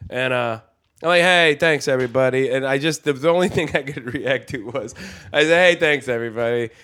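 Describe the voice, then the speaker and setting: A man's voice: mid-range voice, brisk, fairly bright tone. A male comedian telling a story on a podcast in a casual way, acting out other people's lines as he goes. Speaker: touring comedian, guest.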